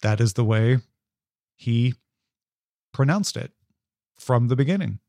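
A man's voice: medium pitch, lively intonation, takes it slowly, warm tone, no echo, clean studio sound. A man co-hosting a podcast in casual chat, reading listener comments and laughing often. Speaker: podcast co-host.

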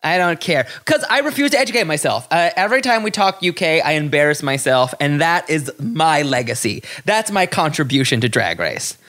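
Giggly podcast host who pokes fun at themself, mid pitch, casual chat. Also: lively intonation, fairly quick, hardly any pauses, a bit bright. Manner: giggly and self-mocking.

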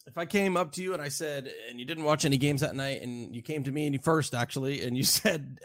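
A man hosting a casual podcast, lively and animated, acting out both sides of imagined conversations. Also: mid-range voice, quick pace, hardly any pauses. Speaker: podcast host. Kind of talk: casual podcast chat about pitching stats.

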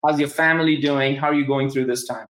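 A man's voice: medium pitch, fairly even intonation, quick pace, fairly bright tone. A man with a Southern accent hosting a live interview over a video call, enthusiastic and rambling, with many restarts. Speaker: podcast host. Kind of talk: casual live-stream interview. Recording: roomy, echoey room sound.

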